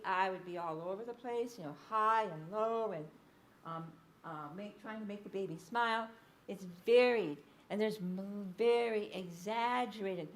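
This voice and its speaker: A woman's voice: medium pitch, slight background noise. A woman researcher giving a public lecture in a library space. She talks conversationally, with frequent fillers, restarts and "okay?" check-ins. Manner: restarts and self-corrections mid-sentence.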